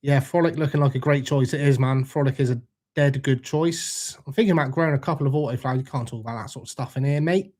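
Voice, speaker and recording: A young British man hosts a casual live stream, reading out viewer comments as they come in. He talks in a loose, laid-back way and drops in jokes and swearing with ease. His voice sits at an ordinary pitch for a man. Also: fast talker, a little mellow. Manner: laid-back, swears freely, jokey banter with chat. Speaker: livestream host.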